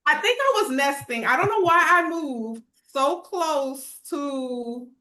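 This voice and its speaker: A woman's voice: high-pitched, expressive, takes it slowly, a crowd in the background, low-quality recording. A woman real estate agent telling her family story as a guest in a casual interview, chatty and laughing often. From United States.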